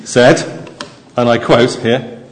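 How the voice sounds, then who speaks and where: Male preacher, mid-pitched, casual and humorous delivery, church hall with long reverb. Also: fairly even intonation, slow. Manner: conversational and jokey, with restarts and asides to the congregation. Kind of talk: sermon.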